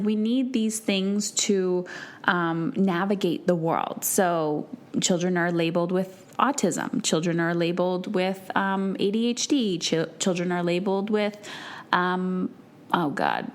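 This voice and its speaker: A woman in her thirties hosting a solo podcast, talking earnestly and conversationally, with many fillers and quotes acted out in others' voices. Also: medium pitch. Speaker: podcast host and parenting coach.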